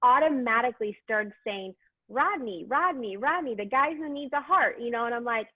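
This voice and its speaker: Animated woman on a tinny phone line. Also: a little high, slightly rough, no room sound. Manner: lively, emotional, quick asides. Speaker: guest. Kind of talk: casual interview storytelling.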